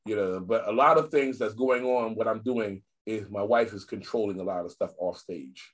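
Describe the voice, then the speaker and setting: An older man, a guest magician in casual video-call chat, telling stories in an animated way and repeating phrases for emphasis. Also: fairly low pitch, moderate pace.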